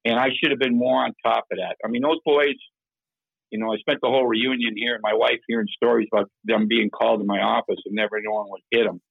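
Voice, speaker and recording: Gravelly older man on a dull line. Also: on the low side, fairly even intonation, dry recording. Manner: halting, repeats words, plain-spoken and self-critical. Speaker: interview guest, former hockey general manager. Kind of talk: candid interview over a call-in line.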